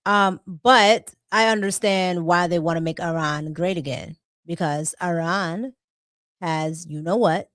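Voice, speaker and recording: A woman's voice: lowish voice, a little slow, fairly bright tone, dry recording. A woman hosting a casual livestream, chatting, reading super chats aloud and laughing often. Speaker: livestream host.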